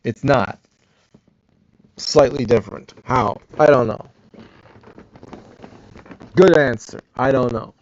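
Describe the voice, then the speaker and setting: A man's voice: mid-range voice, slow pace, pauses often, dull audio. A man reacting to a science video, arguing back and rambling as he thinks aloud. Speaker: reacting vlogger.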